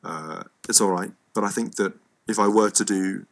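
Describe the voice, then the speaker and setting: A man's voice: on the low side, fairly even intonation, normal speed, vocal fry. An English man with a cold, teaching an online music lesson in a rambling, playful way with frequent ums. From England. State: has a cold.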